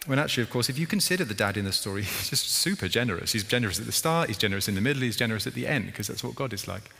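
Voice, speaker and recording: A man's voice: mid-range voice, expressive, rapid-fire, gravelly, pushed and bright, big-room sound. A male pastor preaching a sermon in church, conversational with rhythmic, repeating phrases.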